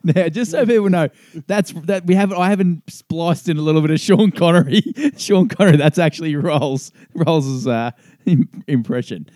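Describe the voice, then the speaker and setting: A man's voice: a little high, moderate pace, warm tone, dry recording, studio quality. An Australian man co-hosting a podcast in casual chat, chiming in and running the segments. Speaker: podcast co-host.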